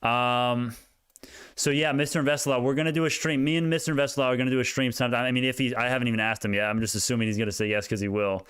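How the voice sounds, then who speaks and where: A young man in college, a stock market YouTuber giving casual, rambling chart commentary, excitable and prone to tangents. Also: mid-range voice, racing, smooth, no room sound, studio quality. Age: young adult.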